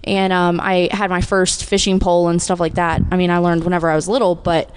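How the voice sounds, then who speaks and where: A woman's voice: fairly low pitch, little pitch movement, brisk, smooth. A woman from Arizona chatting casually in a group, upbeat with many fillers.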